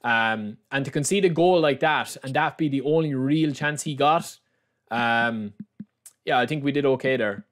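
A man with an excitable manner, commentating live on his own football video game and talking straight to his viewers. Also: mid-range voice, normal speed. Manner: excitable, shouts and groans at the play, addresses viewers as lads. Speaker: gaming channel host.

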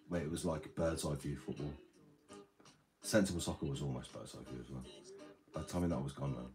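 Very deep-voiced man chatting on stream. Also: brisk, long pauses, darkish tone, soft background music. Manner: rambling, chatty, swears freely. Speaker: livestream host reading chat. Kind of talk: casual livestream chat.

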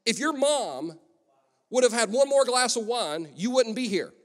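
A man preaching a lively sermon as pastor, conversational and joking, in a large church hall. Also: extremely high pitch, unhurried. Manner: energetic, conversational, joking asides. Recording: long echo of a church hall.

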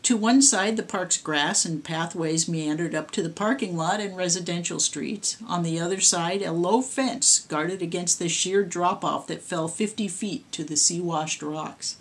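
Woman author reading her spooky story, lower voice, steady pace. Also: unhurried, few pauses. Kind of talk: reading her own horror story aloud.

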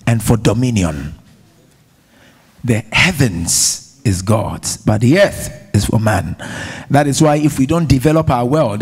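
A man's voice: mid-range voice, darkish tone, slightly rough. A man with an African accent preaching a sermon to a congregation, emphatic and rousing, calling on listeners to repeat after him. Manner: emphatic, call-and-response with congregation. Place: church hall with congregation.

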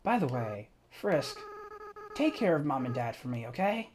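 A man voicing a remorseful, tearful young goat-monster boy as he reads a game's dialogue aloud in a soft, slow way. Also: medium pitch, very animated, background noise, close to an everyday voice. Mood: sad. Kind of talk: reading game dialogue aloud.

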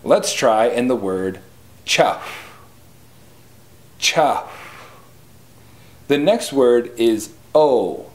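Slow, careful male language teacher. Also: medium pitch, expressive, a little mellow. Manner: slow, careful, repeats words for learners. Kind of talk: slow pronunciation lesson.

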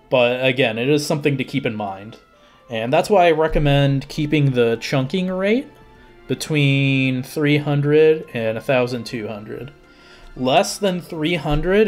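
Easygoing man explaining software, faint music. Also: mid-range voice. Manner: relaxed, conversational, explains step by step with fillers. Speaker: software tutorial host. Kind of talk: casual screen-recorded tutorial.

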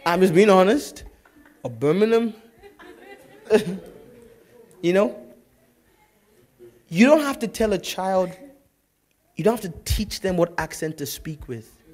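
A man preaching a sermon as pastor, telling stories in a lively way that swings from loud to hushed. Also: high-pitched, slow, long pauses, some chatter behind.

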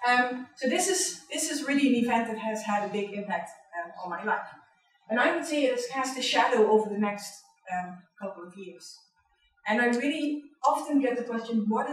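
A middle-aged woman with a Dutch accent, giving a candid, personal university lecture in a large hall, often pausing on "um" and checking in with "right?". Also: fairly high pitch. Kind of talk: public lecture. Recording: echoey hall, distant mic.

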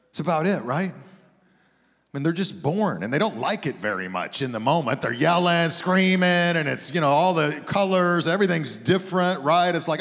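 A man's voice: on the high side, fairly bright tone. A man preaching a sermon as a guest pastor, telling stories in a conversational, joking way. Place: church sanctuary. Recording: long hall reverb.

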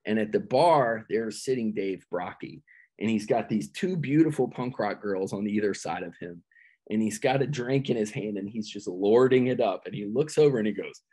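A middle-aged man telling stories on a podcast in a casual, animated, profane way. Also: moderate pace, husky. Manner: animated, profane, jumps into high-pitched quoted voices. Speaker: podcast guest, metal vocalist. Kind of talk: casual storytelling chat.

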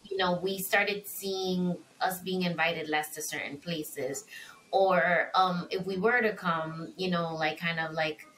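A woman's voice: lowish voice, fairly even intonation, slow, fairly bright tone. Empathetic woman host on a distant mic. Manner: empathetic, chatty, affirming the guest. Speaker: podcast host. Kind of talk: conversational interview. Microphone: remote recording setup. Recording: distant mic with faint background noise.

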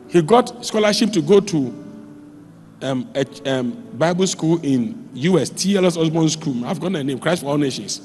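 A man preaching a sermon as a pastor, telling stories with sudden jumps in pitch and loudness. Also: moderate pace, big-room sound, soft background music. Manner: animated storytelling, with sudden jumps in pitch and volume. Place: church.

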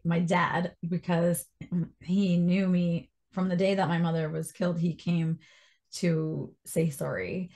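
A Canadian woman in her thirties, a guest telling her life story in an interview, animated and quoting people with lively jumps in her voice. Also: fairly low pitch, measured pace.

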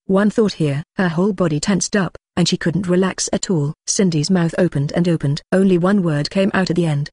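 A synthetic voice narrating an audiobook in a flat, even machine reading. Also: mid-range voice, moderate pace, few pauses, husky, no room sound.

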